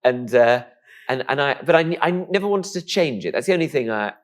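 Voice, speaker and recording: A man from England with a posh-sounding voice, telling stories in a camp, animated way as a guest in an interview. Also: mid-range voice, brisk. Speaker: comedian guest. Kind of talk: casual interview chat.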